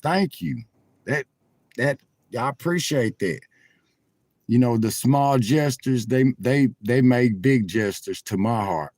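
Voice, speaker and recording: The voice is mid-range and animated but slow, with a darkish tone, in a dry recording. Livestreaming on his phone from a car parked at a truck stop, the man chats casually and directly to viewers in preacher-like swells.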